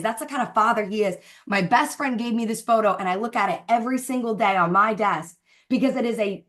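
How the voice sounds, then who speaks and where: Over a video call, a woman with a mid-range, fairly bright voice leads her sales team's Zoom meeting. She gives a fervent, preachy motivational talk about faith, speeding up and slowing down for emphasis.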